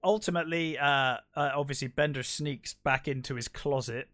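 A man in a casual film chat, talking in a relaxed, hesitant way. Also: on the high side, normal speed.

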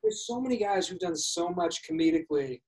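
A man's voice: high voice, expressive, brisk, darkish tone, rough recording. Reflective man in casual chat.

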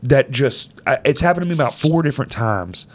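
A man telling a personal story in casual chat, swearing freely and dropping to quiet, low tones at heavy moments. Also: expressive, fairly quick. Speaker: storyteller in conversation.

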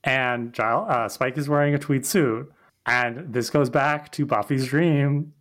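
This man speaks at an average pitch and explains points in a relaxed podcast chat. He fills his sentences with "like" as he works through an idea. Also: a little slow. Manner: explanatory, frequent "like" fillers. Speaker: podcast co-host. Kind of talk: casual recap chat.

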